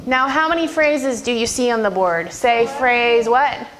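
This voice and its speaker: A woman music teacher leading a first-grade class, firm and clear, sometimes breaking into a sung or high voice to show a rhythm. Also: lively intonation, unhurried, a crowd in the background.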